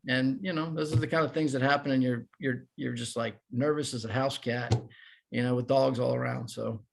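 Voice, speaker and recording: A man in his fifties, a former baseball player, telling animated, self-deprecating stories as a podcast guest. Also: medium pitch, a little fast, vocal fry, noisy background. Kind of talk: casual storytelling.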